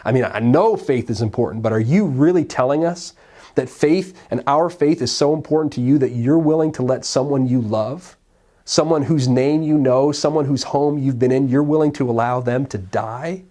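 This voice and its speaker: A man's voice: mid-range voice, normal speed, warm tone, lightly acted. A man voicing a baffled male follower who presses his teacher with incredulous questions.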